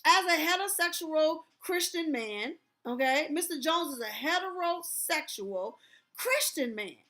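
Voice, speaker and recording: A woman's voice: sits high, animated, measured pace, sharp tone. A woman host reading court documents aloud, breaking off often to laugh and exclaim. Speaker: commentary channel host.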